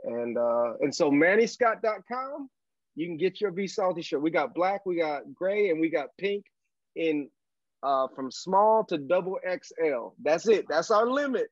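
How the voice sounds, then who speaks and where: A man telling a story as a podcast guest, animated, with a preacher's cadence. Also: a little high, a little slow, no room sound, highs cut off. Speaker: guest speaker. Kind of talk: storytelling interview chat.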